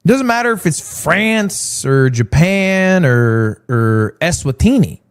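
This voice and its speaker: A man's voice: on the high side, slow pace, clear, resonant tone. A young man streamer telling stories in casual chat, acting out quotes as he goes. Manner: animated storytelling with mock quotes.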